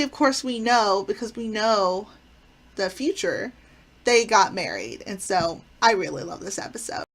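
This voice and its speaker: This channel host, a woman with a slightly high and fairly bright voice, casually reviews her favorite sitcom episodes. She retells the plots enthusiastically, with lots of filler words.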